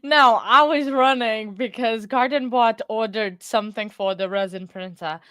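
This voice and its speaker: A woman's voice: a little high, unhurried, a bit bright, clear, resonant tone, no room sound. A woman hosting a casual livestream from home, chatting loosely with viewers and laughing often between rambling sentences. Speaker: livestream host.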